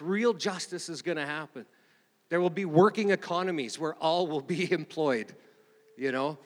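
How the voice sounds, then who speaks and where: Middle-aged male pastor, slightly high voice, chatty, rambling sermon delivery, long hall reverb. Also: moderate pace. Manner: rambling, conversational, with many fillers and restarts. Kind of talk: informal sermon. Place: church meeting room.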